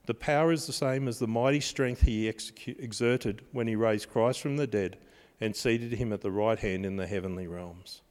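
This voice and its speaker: A man preaching a sermon, telling stories that build to emphatic peaks and then drop quiet. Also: lowish voice, moderate pace, in a large hall. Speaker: pastor.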